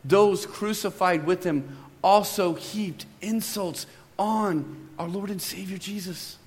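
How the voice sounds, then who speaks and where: A high-pitched man in his thirties preaches to his congregation. His voice rings with a long reverb through a church sanctuary. He reads scripture with dramatic, drawn-out emphasis and swells, and he tells stories in a loose, chatty way with asides to the listeners. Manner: relaxed storytelling with asides to the congregation. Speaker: pastor. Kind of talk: sermon.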